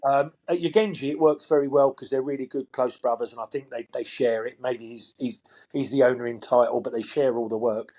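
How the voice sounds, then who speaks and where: A man's voice: medium pitch, fairly even intonation, brisk, mellow. A middle-aged man, a koi dealer, telling stories in a chatty way, chuckling and repeating words. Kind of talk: anecdotal storytelling.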